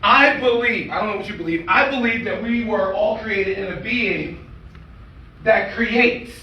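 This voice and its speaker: A man giving an energetic, preacher-like motivational speech that he leads as call-and-response, shouting words for emphasis. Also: high voice, unhurried, muffled recording. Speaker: motivational speaker. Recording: echoey room, mic far off, faint noise.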